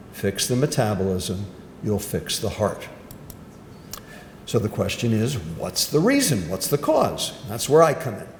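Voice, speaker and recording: An older man giving a medical lecture, emphatic and punchy, often asking and then answering his own questions. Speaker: physician giving a grand rounds lecture. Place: lecture hall. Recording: roomy hall echo with faint rumble.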